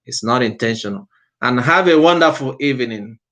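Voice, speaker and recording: A man preaching a passionate sermon with an accent, exhorting his listeners and admitting he often speaks fast. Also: mid-range voice, expressive, a bit bright. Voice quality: non-native-sounding accent, unnamed. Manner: fervent, exhorting, speaks fast by own account. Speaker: prophet preaching. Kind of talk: impassioned sermon.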